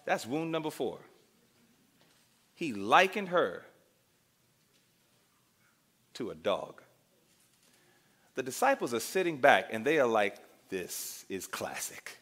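A man's voice: medium pitch, big pitch swings, unhurried, long pauses, a bit bright, slightly rough. A man preaching a sermon, dramatic, asking the congregation questions and acting out the scenes he describes.

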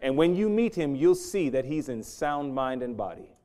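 A middle-aged man preaching a sermon, swinging from loud emphasis to hushed, intense storytelling. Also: medium pitch, very animated, normal speed.

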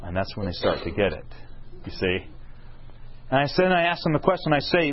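This medium-pitched preacher is very animated and a little fast, yet he leaves long pauses as he tells a story and answers his own questions to the listeners. The husky, dull lo-fi recording carries slight background noise.

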